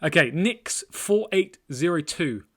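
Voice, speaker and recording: A man's voice: a little high, expressive, a little slow, fairly bright tone. A man hosting his own channel, answering viewer comments in a casual, self-deprecating chat and laughing often. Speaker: trading card collector channel host.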